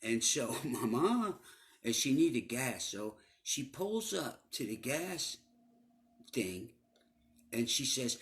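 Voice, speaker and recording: Speaking slowly in a medium-pitched, sing-song voice, a middle-aged man recounts his life in a casual way. His telling is full of swearing and stumbles over repeated words, and at times he sinks almost to a whisper.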